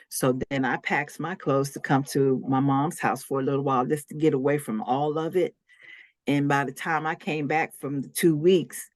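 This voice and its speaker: A woman's voice: low voice, no echo, clean studio sound. A woman guest on a faith podcast, telling her personal story with strong emotion and acting out what others said. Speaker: interview guest.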